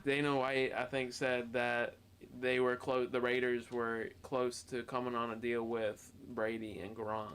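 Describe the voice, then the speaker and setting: A man's voice: mid-range voice, level tone, unhurried, fairly bright tone, clear, resonant tone. Laid-back young man co-hosting sports talk. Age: young adult. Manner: laid-back, chuckling, loose and rambling. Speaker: co-host. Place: student media studio.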